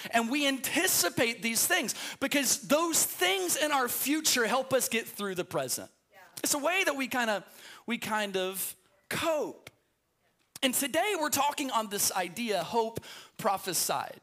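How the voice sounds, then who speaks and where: A man's voice: very high voice, lively intonation, moderate pace, bright, forceful tone. A man preaching a sermon as pastor in a church sanctuary, telling stories with stammering restarts.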